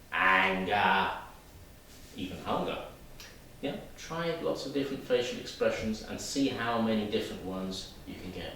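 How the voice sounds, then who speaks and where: Lively man teaching in an echoey room. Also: mid-range voice, far from the mic, slight background noise. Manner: lively, demonstrative, talks to viewers directly. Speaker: English teacher. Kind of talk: video lesson.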